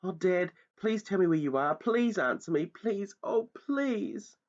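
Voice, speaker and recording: A man reading aloud, voicing a frightened young boy who calls out desperately for his father in a dark wood. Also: high voice, expressive, unhurried, lo-fi sound, pitched above the performer's own voice.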